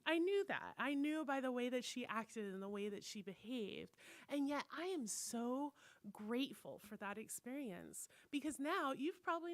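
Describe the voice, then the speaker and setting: Woman minister telling stories in a casual sermon, kinda high voice, does little voices for quotes, dry sound. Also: no room sound. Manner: candid storytelling, acting out quoted voices. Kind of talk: conversational sermon.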